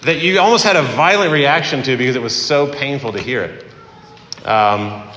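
A man preaching a sermon as pastor in a conversational way, with fillers and pauses. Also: mid-range voice, bright, forceful tone, slight background noise. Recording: echoey hall.

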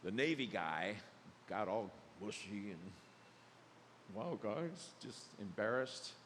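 A man preaching a sermon as pastor, animated and acting out the voices of the people he describes. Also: lowish voice, measured pace, long reverb tail, slight background noise. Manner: animated, acts out voices of others. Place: church sanctuary.

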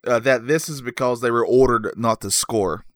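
A man co-hosting a casual podcast, talking in a mid-range voice. He tells his story in a relaxed, self-deprecating way, full of "uh" and "um". The sound is dry and close to the mic. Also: medium pitch, moderate pace, no echo. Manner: easygoing, self-deprecating with frequent fillers. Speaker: podcast co-host.

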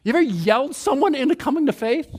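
A man delivering a sermon in a high, bright-sounding voice. He is playful and animated, acting out his own inner thoughts, then sinks to a hushed tone when he quotes scripture. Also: fast. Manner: animated, playful, mimics himself and others, drops to a hushed tone on scripture. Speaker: pastor.

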